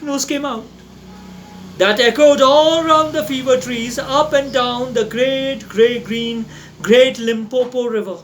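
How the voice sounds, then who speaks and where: A man's voice: extremely high pitch, takes it slowly, slight background noise. A man reading a classic children's story aloud as narrator, sing-song and explaining words for young listeners.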